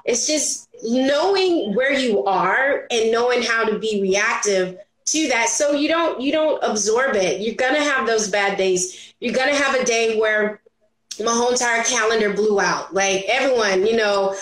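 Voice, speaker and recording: A woman guest on a business talk show, chatting casually and acting out quotes in an animated way. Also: on the high side, a little slow. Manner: animated, acts out her own and others' quotes with laughs. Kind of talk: casual interview chat. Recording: roomy echo.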